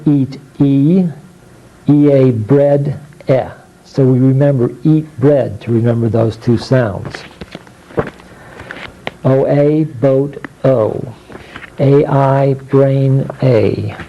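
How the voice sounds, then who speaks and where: Male phonics teacher, deliberate drill delivery, unhurried, dull lo-fi recording. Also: medium pitch, gravelly, a little hiss or hum. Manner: slow, deliberate letter-by-letter sounding out.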